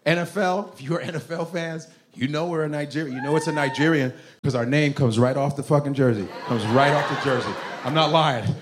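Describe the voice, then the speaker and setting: A man doing a stand-up comedy set, animated and laughing, with loud character voices. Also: on the high side, brisk, hardly any pauses. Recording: echoey club with crowd noise.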